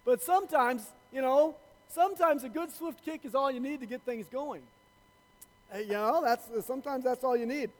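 A pastor with a fairly high voice preaches in a church. He talks in a loose, conversational way and leans on fillers as he tells his story. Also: normal speed, long reverb tail, low-quality recording. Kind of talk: sermon with an opening joke.

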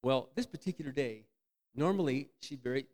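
A man preaching a candid, self-mocking storytelling sermon, swinging from loud outbursts to near-whispers. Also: mid-range voice, fairly quick. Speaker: pastor.

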